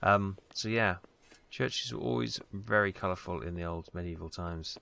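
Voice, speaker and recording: This deep-voiced Welshman, a British let's play host, speaks at normal speed with a creaky yet bright, forceful tone. Recorded on a close mic at home, he rambles casually about his game, throwing in ums and asides.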